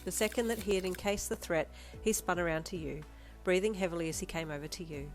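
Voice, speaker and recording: Low-voiced woman narrating fanfiction. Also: fast. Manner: steady storytelling read. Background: faint background music.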